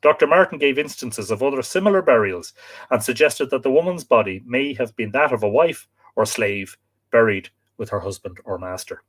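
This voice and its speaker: A man's voice: medium pitch, expressive, moderate pace. An Irish man hosting a live stream, reading from a book and adding chatty asides for viewers, sometimes spelling out place names. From Ireland.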